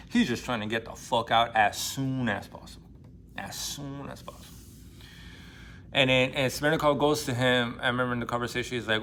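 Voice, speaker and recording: A man casually retelling a novel, swearing freely and acting out characters' lines with excitement. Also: medium pitch, normal speed, a little hiss or hum. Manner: profane, excitable, acts out quoted lines in a raised voice. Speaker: book vlogger.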